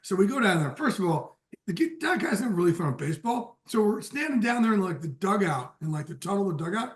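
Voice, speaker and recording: A man guesting on a sports podcast, telling an animated anecdote and laughing often as he goes. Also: sits high, fast. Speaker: guest football insider.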